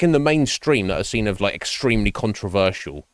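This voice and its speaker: A man's voice: lowish voice, expressive, fairly quick, no echo. A man streaming a game and chatting casually with his viewers, musing aloud with lots of fillers and restarts. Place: home streaming setup. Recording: dry close mic, faint game music behind.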